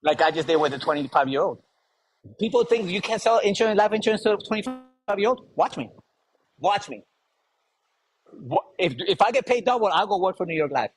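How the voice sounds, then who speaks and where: A man giving an energetic, motivational sales talk to a live audience, speaking straight to the crowd. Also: sits high, soft background music. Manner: energetic, fast-talking, addresses the crowd directly. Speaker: sales coach leading a live workshop.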